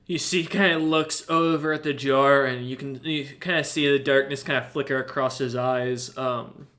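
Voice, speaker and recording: A man's voice: medium pitch, fairly even intonation, normal speed, fairly bright tone. A man narrating as game master of a tabletop game, hesitant and full of fillers.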